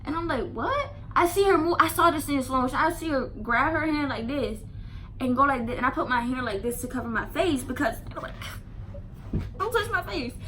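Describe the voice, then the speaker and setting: A woman with a high, bright voice tells a casual storytime for her vlog. She talks emphatically, swears freely and leans on "like" as she piles on the details. Her delivery is animated and sharp. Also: brisk, a little hiss or hum. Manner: animated, emphatic and profane, lots of "like" fillers. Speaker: vlogger telling a story.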